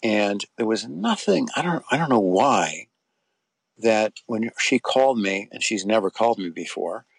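A middle-aged man, a former soap actor appearing as an interview guest, recalls his acting years in a rambling, anecdotal way, full of fillers and restarts. His fairly low voice is expressive, gravelly and breathy-edged, and he's unhurried. The recording is dry.

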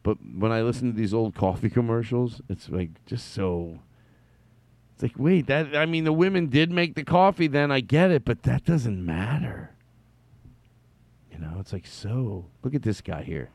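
A man's voice: medium pitch, normal speed, darkish tone, no room sound. A man hosting a casual solo podcast, rambling and blunt, with casual swearing. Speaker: podcast host.

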